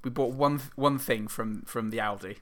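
A man's voice: mid-range voice, moderate pace. A British man in casual conversation, telling a story with lots of swearing and quoted voices. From Britain. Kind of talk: casual chat.

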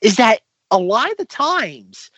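A man's voice: high voice, very animated, unhurried, pushed and bright, husky, no echo. A man co-hosting a podcast in casual chat, rambling with lots of restarts. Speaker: podcast co-host. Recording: slightly dull, lo-fi recording.

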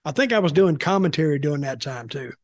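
A man's voice: a little high, lively intonation, quick pace, no room sound. An older man co-hosting a podcast, telling stories in casual chat and repeating words as he goes. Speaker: podcast co-host, former wrestling commentator.

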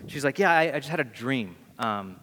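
A man's voice: mid-range voice, lively intonation, moderate pace, a bit bright, slight background noise. A man preaching as a pastor, telling stories in a casual way and acting out the voices of the people he quotes. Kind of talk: sermon storytelling. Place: church hall. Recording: long hall reverb.

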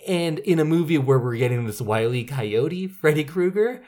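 Wry podcast co-host with lively pitch. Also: normal speed. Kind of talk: casual movie discussion.

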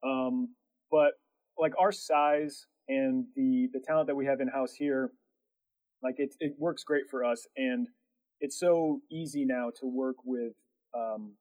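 A relaxed man in his thirties, originally from Connecticut, chatting as a guest about running his studio. He speaks in an easygoing way with plenty of filler, in a mid-pitched voice recorded dry and close. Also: takes it slowly, no room sound, poor audio. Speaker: animation studio owner, guest. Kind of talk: casual interview talk.

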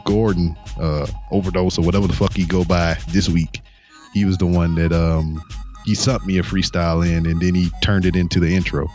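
Man, podcast host, low voice, laid-back, swears casually, lots of fillers, faint music underneath. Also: flat delivery, a little fast, darkish tone.

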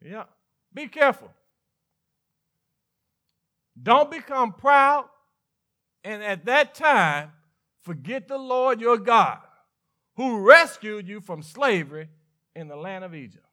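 Southern pastor preaching, high bright voice, playful back-and-forth asides with the congregation. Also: male voice, very animated, measured pace. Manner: preaching with call-and-response asides and playful mock dialogue. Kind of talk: sermon.

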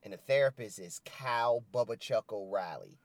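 A man's voice: lowish voice, moderate pace, no room sound. A man in casual podcast chat, recapping events loosely and profanely and acting out quotes in voices. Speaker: co-host recapping wrestling.

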